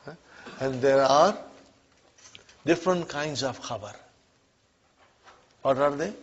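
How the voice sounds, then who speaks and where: A man's voice: medium pitch, takes it slowly, slightly rough. A man teaching Arabic to a class, drilling call-and-response phrases and often checking that students are following. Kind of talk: classroom lesson. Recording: muffled lo-fi classroom recording.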